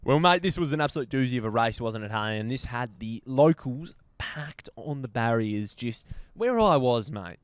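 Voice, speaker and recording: A man's voice: mid-range voice, lively intonation, normal speed, few pauses, clean tone, dry recording. An Australian man co-hosting a cycling show, talking in a laid-back, jokey way and calling his co-host mate. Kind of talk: casual sports chat.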